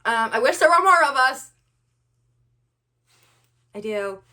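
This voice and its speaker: A young woman vlogger rants to the camera in a sarcastic, animated way. She swings between loud outbursts and quiet asides. Her voice sits fairly high and sounds bright and sharp. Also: slow. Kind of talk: ranting to camera.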